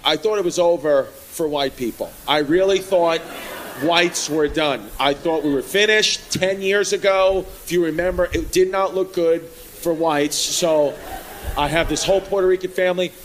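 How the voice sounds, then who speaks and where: A man from New York doing live stand-up comedy on a club stage, loud and rowdy, shouting his punchlines. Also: a little high, normal speed. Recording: live club recording with crowd noise. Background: laughing crowd.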